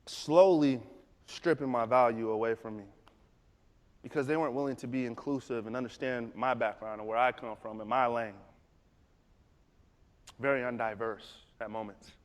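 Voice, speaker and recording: A man giving a storytelling motivational talk, animated and acting out dialogue. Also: medium pitch, normal speed, long pauses. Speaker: motivational speaker. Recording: long hall reverb.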